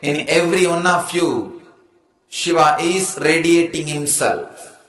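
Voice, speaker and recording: A man's voice: fairly high pitch, takes it slowly, a bit bright, echoey room, poor audio. A man giving a spiritual discourse as a teacher, emphatic and declaring with rising insistence.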